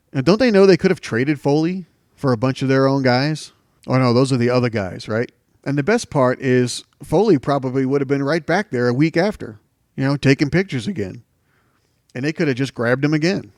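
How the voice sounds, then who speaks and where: A male talk show host speaks with a mocking, scornful edge through sarcastic political commentary. His voice sits at an ordinary middle pitch. The recording is dry and close, with no room sound. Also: a little mellow, no room sound.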